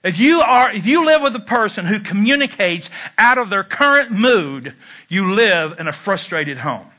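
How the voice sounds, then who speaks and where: Bright-voiced preacher with easy humor. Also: male voice, high-pitched, sing-song, moderate pace. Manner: conversational preaching with self-deprecating humor. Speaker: pastor. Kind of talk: sermon.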